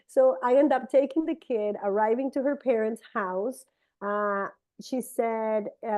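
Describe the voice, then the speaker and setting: Animated middle-aged woman telling a story. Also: moderate pace, muffled recording. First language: Spanish. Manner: animated, swings into high excited quoted voices. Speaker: speaker sharing a testimony. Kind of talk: casual storytelling talk.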